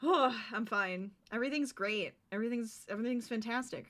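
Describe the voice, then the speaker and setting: Bubbly bright-voiced woman streamer. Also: on the high side, brisk, hardly any pauses. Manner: bubbly and giggly, chatting to viewers. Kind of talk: casual chat while crocheting on stream.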